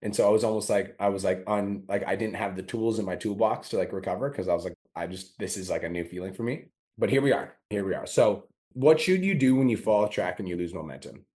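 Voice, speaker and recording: Blunt, profane man with a low voice. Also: fast talker, few pauses. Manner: profane, blunt and animated, acting out his own inner complaints. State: recovering from a sore throat. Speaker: podcast host. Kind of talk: motivational monologue.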